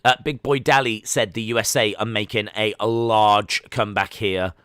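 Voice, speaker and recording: A streamer reacts to the races live, chatty and easily excited. His voice is bright and crisp, close to the mic in a dry room. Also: on the low side, normal speed, no room sound. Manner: chatty, excitable, with frequent fillers. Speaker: livestream host. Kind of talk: live sports watch-along commentary.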